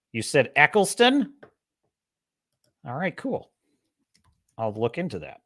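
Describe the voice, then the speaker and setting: A man hosting a casual livestream, rambling and excitable, quick to laugh. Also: mid-range voice. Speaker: show host.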